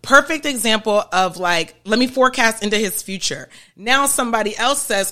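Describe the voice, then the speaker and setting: A woman hosting a podcast, explaining ideas in a chatty, animated way and often checking in with her listeners. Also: fairly high pitch, moderate pace. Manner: chatty, keeps checking in with "okay?" and "right?"; animated, laughs between points. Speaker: podcast host. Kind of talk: casual explanatory podcast talk.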